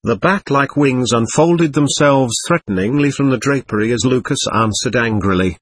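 A man narrating a novel in a measured, even reading voice. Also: mid-range voice, slightly rough, no echo. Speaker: audiobook narrator. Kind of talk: scripted narration.

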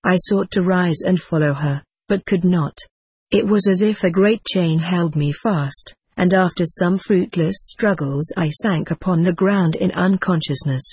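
A woman reading a first-person story aloud as an audiobook narrator, in a measured and solemn dramatic manner. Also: lowish voice, a little mellow, husky, dry recording.

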